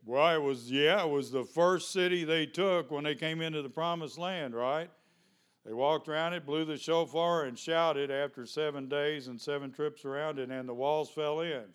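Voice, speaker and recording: A man's voice: on the high side, moderate pace, smooth. A male pastor, preaching a sermon in a conversational way, full of questions to the congregation.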